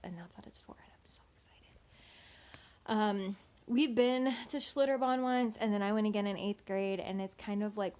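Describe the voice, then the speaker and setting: An eighteen-year-old woman from Texas chatting casually into her phone camera at home at night, rambling with lots of "like" and "um". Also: medium pitch. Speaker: vlogger. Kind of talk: casual storytelling vlog.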